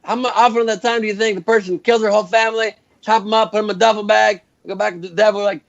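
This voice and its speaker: Man, high gravelly voice, casual joke retelling, drawn-out filler pauses, lo-fi. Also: fairly even intonation.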